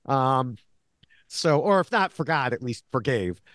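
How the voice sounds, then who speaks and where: A man's voice: mid-range voice, lively intonation, unhurried, fairly bright tone, no room sound, studio quality. A man co-hosting a podcast, recapping episodes in casual chat with many fillers and restarts. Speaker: podcast co-host, longtime show analyst.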